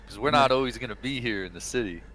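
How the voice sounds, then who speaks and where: A man's voice: mid-range voice, quick pace, sharp tone, a little hiss or hum, low-quality recording. A man playing a tabletop game, talking casually, hesitant and full of restarts. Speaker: player. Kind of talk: casual chat.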